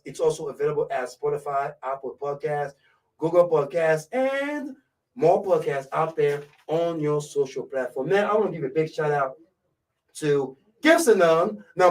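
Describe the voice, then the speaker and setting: A man's voice: fairly high pitch, darkish tone, recorded from a distance, low-quality recording. A man with a thick French accent hosting a live radio show in a laid-back way. He talks casually and keeps checking in with his listeners. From Côte d'Ivoire. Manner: laid-back, keeps saying "you know what I'm saying". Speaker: radio host.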